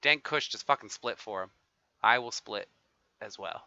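A man giving excitable live gameplay commentary as a streamer, swearing and taunting other players. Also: on the low side, normal speed, no room sound. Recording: dull lo-fi stream audio.

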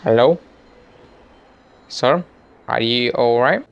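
Excitable, jokey male gamer. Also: mid-range voice, slow, vocal fry, clean tone, muffled recording. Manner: excitable, jokey, panicky outbursts. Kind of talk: let's play commentary.

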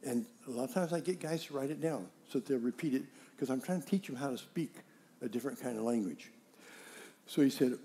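A pastor with a dark, mid-range voice preaches briskly, with slight background noise audible. His conversational sermon leans on rhetorical questions and acted-out everyday dialogue in scenes.

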